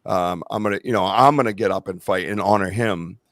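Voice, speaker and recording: A man's voice: sits low, a little fast, no echo. Middle-aged male podcast host, heartfelt and emotional, dry close recording. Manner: emotional, choked up, earnest. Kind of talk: casual podcast chat.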